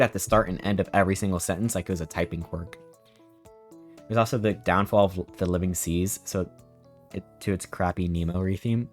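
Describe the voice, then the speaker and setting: A man streamer giving a casual, sarcastic, animated recap of a trip. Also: low-pitched, normal speed, faint music behind.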